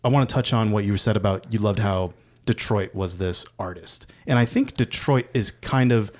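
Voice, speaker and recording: A man co-hosting a podcast, talking films in a relaxed, conversational way. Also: lowish voice, moderate pace. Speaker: podcast co-host. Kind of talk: casual film discussion.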